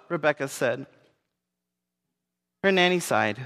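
A man narrates a story aloud, earnest and gentle, at times turning to his listeners. His voice sits a little high for a man, and a long reverb rings after it. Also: animated, normal speed.

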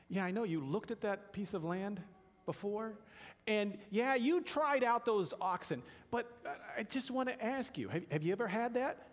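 A man's voice: high-pitched, big-room sound. A man preaching a sermon, speaking straight to the listeners and asking them questions.

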